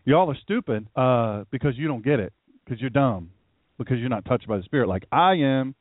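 A man's voice: mid-range voice, expressive, moderate pace, no room sound, natural voice. A man voicing an arrogant churchgoer who talks down to others, within a sermon. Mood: smug. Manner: smug, condescending. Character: arrogant churchgoer boasting of speaking in tongues. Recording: dry, tinny phone-line sound.

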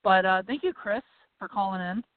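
A man with a Virginia drawl who chats loosely and piles up "um"s and "like"s as he co-hosts. His voice sits high, and the sound is thin and phone-like. The room around him sounds dry and close. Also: moderate pace, no room sound. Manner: rambling, filler-heavy, laughs often. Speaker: podcast co-host. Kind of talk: casual chat. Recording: tinny phone-like call audio.

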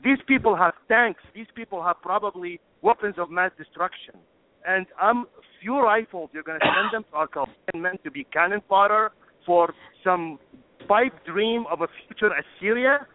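A man with a high voice speaks with impassioned emphasis as a guest on call-in radio. He sounds tinny and thin, as if he is coming over a phone line. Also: moderate pace. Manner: impassioned, emphatic, apologizes for getting emotional. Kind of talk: heated call-in radio discussion.

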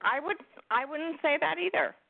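A woman's voice: high voice, lively intonation, moderate pace, creaky. A woman on a talk show who disagrees in a firm, matter-of-fact way. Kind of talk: discussion on a call-in show. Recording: dry, tinny phone line.

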